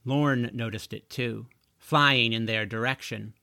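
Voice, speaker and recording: A man narrating a chapter of a children's fantasy audiobook in a slow, expressive storytelling manner. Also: mid-range voice, gravelly, dry recording, clean studio sound.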